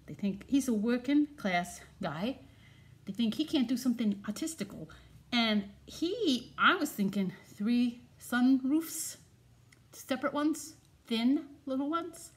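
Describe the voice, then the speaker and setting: A woman in a comedic character monologue, chatty and digressive, losing her train of thought and talking in tough slang. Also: a little high.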